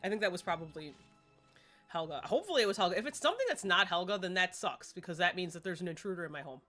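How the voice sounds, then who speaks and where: A woman streaming a game live, chatting excitedly and rambling to herself as she plays. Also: fairly low pitch, fast talker, faint music behind.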